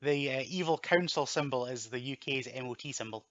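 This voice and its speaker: A man's voice: mid-range voice, brisk, a bit bright, no echo. A man co-hosting a casual film podcast, enthusiastic and laughing a lot. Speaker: podcast co-host. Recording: slightly dull lo-fi dry sound.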